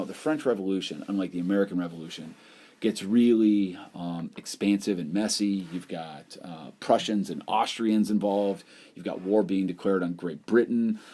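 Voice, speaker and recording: Male teacher, deep mellow voice, casual lecture-style voice-over for a whiteboard lesson. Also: slightly rough. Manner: loose, conversational explaining with frequent "you know" and "um". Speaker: history teacher. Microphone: voice-over over whiteboard slides.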